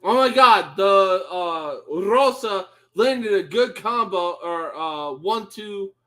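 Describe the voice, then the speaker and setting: A man commentating a fight on a live stream, swearing and yelling at the fighters in exasperation. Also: high-pitched, lively intonation, slow pace.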